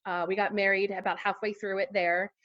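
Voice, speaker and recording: A woman's voice: medium pitch, level tone, a little fast, fairly bright tone, highs cut off. A woman in her forties, a podcast guest, telling a personal story in casual interview chat with lots of fillers and laughter. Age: 40s.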